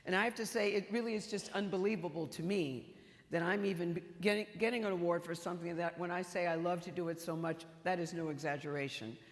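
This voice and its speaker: A woman's voice: lowish voice, fast talker. An older woman giving an acceptance speech on stage, emotional and chatty, telling funny stories to the audience. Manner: emotional, chatty storytelling with humor. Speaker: award honoree. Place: stage in a large auditorium. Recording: reverberant hall with live audience.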